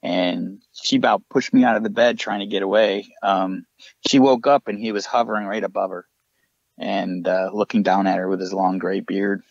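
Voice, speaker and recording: A man's voice: deep voice, fairly even intonation, moderate pace, gravelly, no room sound, muffled recording. A man, a paranormal investigator, earnestly recounting his ghost encounters as a podcast guest. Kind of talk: storytelling in a podcast interview.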